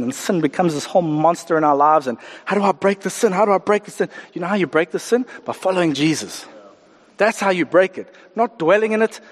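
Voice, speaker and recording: Animated preacher, high voice. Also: male voice. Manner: animated, acts out quoted voices. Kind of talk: sermon. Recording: hall reverb.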